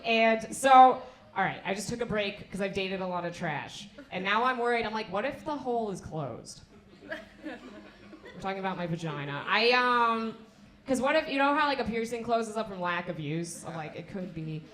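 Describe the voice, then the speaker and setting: A woman's voice: mid-range voice, animated, moderate pace, fairly bright tone. A young woman doing a candid, self-deprecating stand-up set on a club stage with a handheld mic, chatting with the crowd. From Argentina (family). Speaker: stand-up comedian. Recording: roomy club sound.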